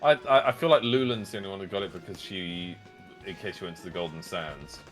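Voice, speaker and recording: A man's voice: deep voice, music in the background. Man running a tabletop game. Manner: casual, laughing, quick rulings. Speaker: game master.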